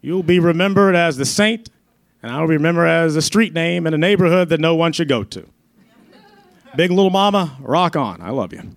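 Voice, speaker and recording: A man's voice: on the high side, moderate pace, gravelly, no room sound. A man playing Martin Luther King Jr. at a stage roast, in a preacher-like cadence. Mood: solemn. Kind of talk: stand-up roast set. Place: comedy stage.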